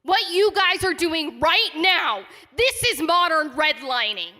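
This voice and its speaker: A woman's voice: very high voice, big pitch swings, slow, bright, forceful tone. An angry woman giving an impassioned public comment at a community forum in a church. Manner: angry, indignant, voice rising. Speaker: resident speaking at a public forum. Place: church hall. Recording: reverberant hall.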